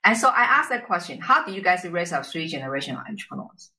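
Bright-voiced woman with a Chinese accent. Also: lowish voice, poor audio. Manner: lively, tag questions and quick restarts. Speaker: podcast guest. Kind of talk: conversational storytelling interview.

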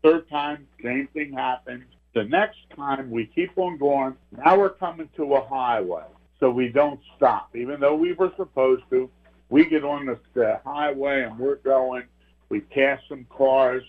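A man's voice: medium pitch, unhurried. An older man, earnestly telling a personal ghost story as a caller. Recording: tinny phone line.

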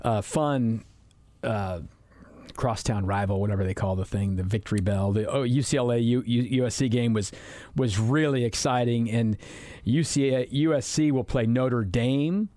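A man hosting a sports talk radio show in the studio, chatty and rambling with quick asides. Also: mid-range voice, warm tone, dry recording. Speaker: fill-in sports radio host. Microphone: studio microphone.

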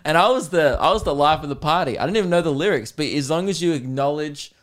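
A young man hosting a comedy podcast, telling animated stories with swearing and frequent laughter. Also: a little high, fast talker. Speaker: podcast host.

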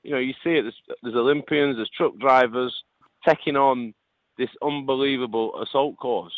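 This radio phone guest is a forty-year-old man from Lancashire, England, speaking in a Lancashire accent at medium pitch and normal speed, with no room sound. Heard through a tinny phone line, he keeps the casual chat jokey, often restarting.

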